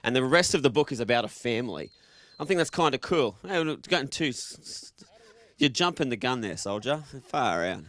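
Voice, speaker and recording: A man's voice: medium pitch, expressive, brisk, fairly bright tone. Joking Australian man preaching. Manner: joking, casual, quizzes the audience. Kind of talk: interactive sermon to a live congregation.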